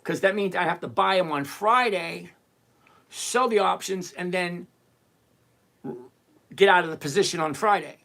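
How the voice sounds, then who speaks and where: A man's voice: high-pitched, unhurried, gravelly, pauses often. A middle-aged man hosting a trading livestream, brash and teasing as he reads out chat questions. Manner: brash, animated and teasing, reading chat names aloud. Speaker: livestream host answering chat questions on covered-call trading. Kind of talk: live-stream chat.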